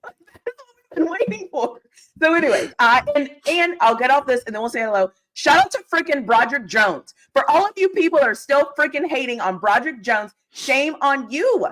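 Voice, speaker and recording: A woman hosting a live football recap show, talking as an excited, ranting fan who laughs often. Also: sits high, brisk. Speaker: podcast host. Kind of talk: live sports recap chat.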